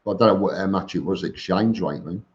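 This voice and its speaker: A man's voice: low-pitched, fairly quick. A man hosting a casual live stream, greeting viewers by name and answering their questions with chatty, joking asides. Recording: dull lo-fi stream audio.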